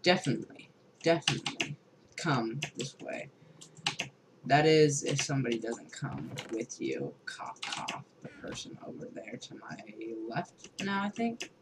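A young man rambling over a video game at his desk, sarcastic and loose, leaning on filler words and swearing. His voice sits at an ordinary male pitch. Keyboard clatter and a steady hiss of noise run under the recording. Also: measured pace. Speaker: gamer. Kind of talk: casual gameplay commentary.

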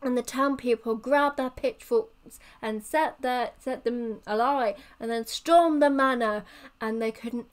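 A woman telling a rambling, playful story in a casual voiceover for her channel. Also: on the high side. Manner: rambling, playful, self-correcting. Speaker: channel creator.

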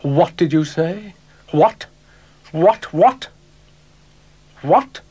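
A pompous grumpy cartoon dog, slow and lively, husky voice, faint music behind. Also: male voice, on the high side, heavily acted. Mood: indignant. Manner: haughty, bossy, self-important. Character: vain grumpy shaggy dog, adult male. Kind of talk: storybook narration with character voices.

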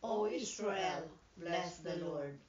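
A man reciting prayer responses in a slow, measured way. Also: high-pitched, a loud crowd. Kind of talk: liturgical recitation. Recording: echoey, dull room sound.

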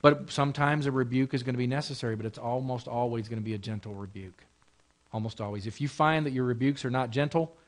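A married man preaching as pastor in a conversational way, repeating phrases and asking rhetorical questions. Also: medium pitch. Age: adult, married. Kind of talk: sermon in a Bible class.

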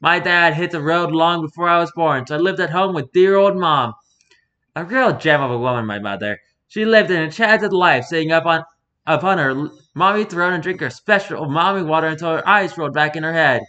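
A man's voice: fairly high pitch, brisk, pushed and bright, lo-fi sound. A man voicing a mocking, talkative male circus performer who rambles theatrically, read from an interview. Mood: sarcastic. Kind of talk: reading an interview aloud in character.

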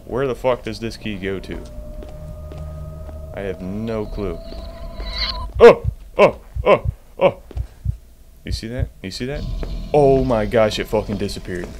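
A man's voice: lowish voice, moderate pace, long pauses, a little mellow, a little hiss or hum. A man giving jumpy, profane commentary to himself while playing a horror game. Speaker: gamer.

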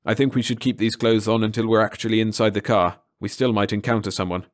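A man's voice: lowish voice, fairly even intonation, fast talker, natural voice. A man voicing a young male agent in a storybook reading, speaking in a firm, urgent way.

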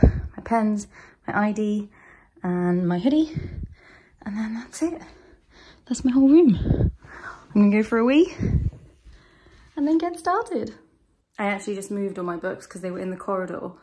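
A woman's voice: medium pitch, mellow. A young woman, chatting casually in a home vlog, rambling and self-deprecating as she talks from her bedroom. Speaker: vlogger.

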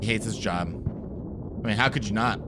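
A man's voice: on the low side, a little fast, heavy background noise. A man giving nervous, joking commentary while playing a horror game, jumpy and easily startled. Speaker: gaming streamer.

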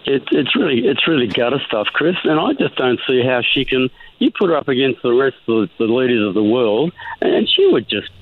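A man's voice: medium pitch, sing-song, a little fast, slightly rough, no echo. A man with an Australian accent calling into a radio show, talking hesitantly and repeating himself. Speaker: caller. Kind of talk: phone-in chat. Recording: tinny phone line.

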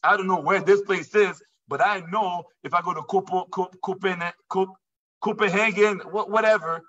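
A man hosting a live sales presentation, pitching playfully and joking with his audience, often acting out what they might say. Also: fairly even intonation, moderate pace, pushed and bright. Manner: playful, joking, quotes imagined listeners. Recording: distant, dull lo-fi sound.

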